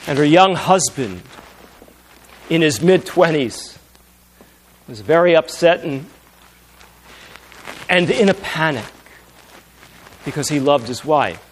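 A man preaching a sermon, moving between loud, emphatic passages and hushed, intimate storytelling. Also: on the high side, expressive, takes it slowly, long pauses, a little hiss or hum.

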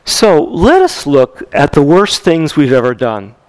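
A man preaching a sermon in a conversational, animated way, repeating key lines for emphasis. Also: on the high side, measured pace, no echo, poor audio. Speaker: pastor.

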